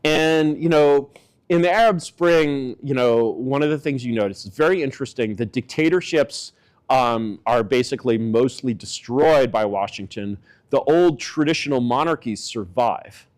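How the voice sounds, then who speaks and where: A man giving casual spoken political commentary, rambling and leaning on filler words, with his pitch swinging up and down for emphasis. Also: normal speed, darkish tone.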